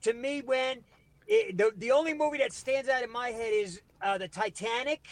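A man's voice: extremely high pitch, normal speed, no room sound. A middle-aged man telling a rambling, profane story as a podcast guest, laughing as he goes. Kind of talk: casual storytelling.

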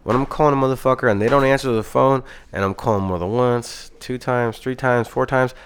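Fast-talking young man ranting casually. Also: medium pitch, slight background noise. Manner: heated rambling storytelling, heavy swearing. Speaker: podcast co-host. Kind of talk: casual podcast chat.

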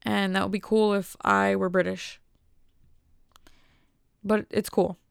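A woman's voice: mid-range voice, little pitch movement, slow, creaky, smooth, no room sound, studio quality. A young American woman talking casually to her viewers in a rambling, enthusiastic and wry way. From United States. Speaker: vlogger. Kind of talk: casual monologue.

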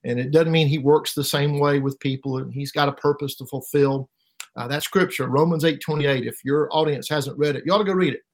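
A middle-aged man giving an emotional personal testimony as an interview guest, halting and repeating words, his voice rising sharply at painful moments. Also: on the high side, steady tone. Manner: halting, repeats words, voice rises sharply when reliving pain.

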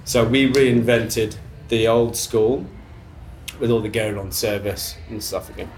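Rambling middle-aged English chef. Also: male voice, fairly low pitch, steady tone, measured pace, a little mellow, faint music behind. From England. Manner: rambling, frequent restarts and throat clearing, swears casually. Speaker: chef guest. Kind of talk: casual storytelling interview.

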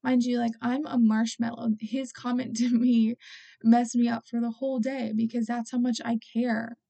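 A woman's voice: on the high side, level tone, moderate pace, gravelly, warm tone. A woman vlogger talking casually and earnestly to her viewers, rambling and filling her talk with "like" and "you know". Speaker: vlogger with a clothing brand.

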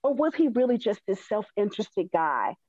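A woman's voice: mid-range voice, big pitch swings, moderate pace, a little mellow. A woman thinking aloud about a historical figure in a thoughtful way, with frequent fillers. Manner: thoughtful, many fillers and restarts. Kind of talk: conversational history discussion. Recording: dull dry lo-fi sound.

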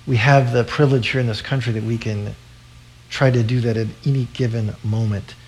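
Earnest male preacher, halting restarts. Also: medium pitch, fairly even intonation, darkish tone. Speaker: pastor. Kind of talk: sermon.

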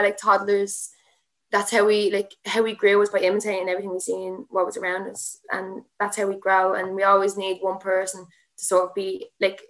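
A bright, medium-pitched woman in her twenties from Ireland speaks with an Irish accent as a guest on a casual podcast. She's an MMA fighter and student teacher who chats in a rambling way, leans heavily on "like," and laughs often.

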